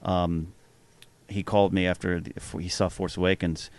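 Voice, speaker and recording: Animated man telling stories. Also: low voice, moderate pace. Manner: animated storyteller acting out quoted people. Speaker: guest author. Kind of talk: podcast conversation.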